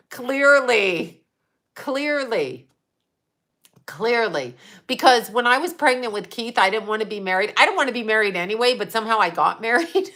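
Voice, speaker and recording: A woman in her fifties talks casually to her viewers with a bright, forward voice. She is blunt and sarcastic, swears freely and laughs often between remarks. Her pitch sits at a middling height for a woman. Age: 50s. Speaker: psychic medium and livestream host. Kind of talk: casual livestream chat answering viewers.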